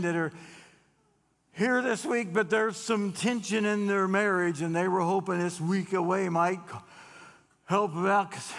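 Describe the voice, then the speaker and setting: A man telling folksy jokes to a gathering, chatty with drawn-out pauses and frequent restarts. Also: high voice, gravelly, fairly bright tone. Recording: long hall reverb.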